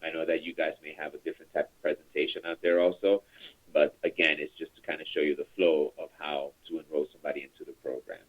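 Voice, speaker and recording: A man's voice: rumbling low, level tone, quick pace. A man leading a call center training over a conference call, chatty and rambling with many fillers. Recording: tinny phone line.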